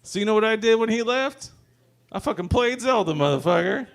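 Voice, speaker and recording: High-voiced man doing stand-up. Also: lively intonation, fairly quick. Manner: loose, joking, swearing, chuckles between lines. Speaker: stand-up comedian and open mic host. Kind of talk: stand-up comedy set. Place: brewery open mic stage.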